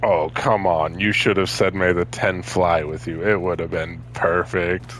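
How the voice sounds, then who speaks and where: A man's voice: little pitch movement, measured pace, a bit bright. A man giving casual, joking commentary while playing a video game. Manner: joking and chatty, jumping into high tones. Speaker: gameplay commentator.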